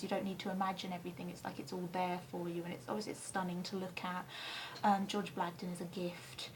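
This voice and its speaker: A young woman from England chatting casually to camera in her flat, rambling and self-deprecating with frequent ums and the odd swear word. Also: medium pitch, slight background noise, poor audio. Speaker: vlogger answering a tag questionnaire. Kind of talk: casual chat. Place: flat, indoors.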